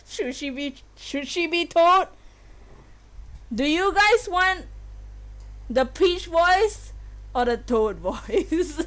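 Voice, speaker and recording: A woman's voice: very high-pitched, expressive, very slow, pauses often, a bit bright, a little hiss or hum. A young woman streaming a game live, giggly and playful, laughing often as she chats.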